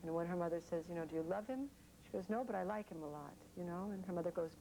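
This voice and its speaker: A woman's voice: lowish voice, fast talker, few pauses, dark tone, a little hiss or hum, rough recording. An actress in her forties answering interview questions in a rambling, chatty way with many fillers.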